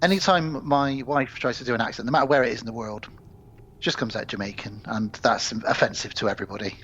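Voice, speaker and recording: A man co-hosting a podcast, retelling a film plot in animated, sweary casual chat. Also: mid-range voice, brisk, dull audio, a little hiss or hum. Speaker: podcast co-host.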